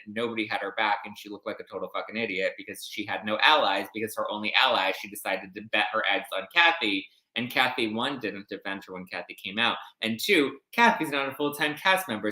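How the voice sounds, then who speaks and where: A man's voice: lowish voice, sharp tone, echoey room, rough recording. A man hosting a reality TV recap, telling the story in a chatty, catty way with plenty of swearing. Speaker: host.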